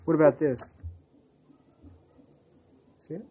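A woman's voice: low voice, steady tone, slow pace, husky, highs cut off. A woman patiently quizzing a toddler with questions during a home recording. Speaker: family member teaching a toddler.

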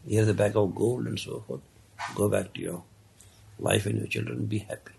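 A man's voice: lowish voice, normal speed, creaky, a little mellow, a little hiss or hum. A man voicing a stern, imperious king who feigns anger, speaking in a commanding, threatening way.

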